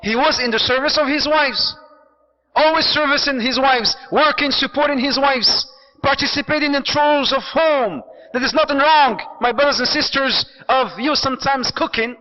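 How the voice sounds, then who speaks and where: A man giving an animated, joking lecture on marriage to an audience, slipping in Arabic phrases. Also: very high-pitched, normal speed. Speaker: preacher. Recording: dull, hall-echoed lecture recording.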